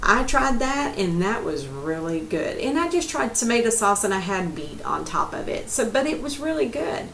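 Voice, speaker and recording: A woman's voice: fairly high pitch, big pitch swings, normal speed, few pauses, fairly bright tone, roomy sound, recorded from a distance, poor audio. Woman vlogger, earnest and chatty, webcam mic set back in the room with faint background noise. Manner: chatty, earnest, addresses viewers as y'all. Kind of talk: casual chat to camera. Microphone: laptop webcam.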